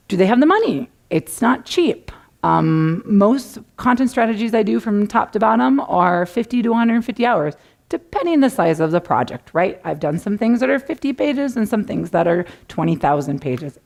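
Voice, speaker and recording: A middle-aged woman giving a conference talk, animated and acting out clients' panicked voices. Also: fairly low pitch, vocal fry. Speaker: conference speaker. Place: conference room.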